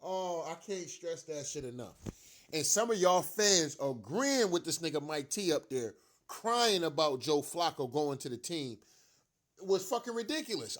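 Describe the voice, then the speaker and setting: A man's voice: fairly high pitch, very animated, normal speed. A young man, a fan commentator, delivering a heated, profane rant about his team's loss, repeating himself for emphasis.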